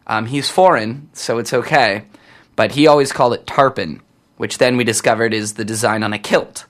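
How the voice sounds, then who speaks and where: A man's voice: mid-range voice, fairly even intonation, moderate pace, fairly bright tone. A young man from Canada talking casually on air as a campus radio DJ, chatty and wandering off topic, correcting himself often. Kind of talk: rambling casual on-air chat.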